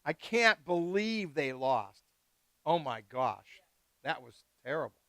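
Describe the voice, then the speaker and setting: A man hosting a live wine tasting, chatting casually and excitedly with guests and swearing freely. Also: on the high side, slow, creaky, no echo. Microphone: live stream mic.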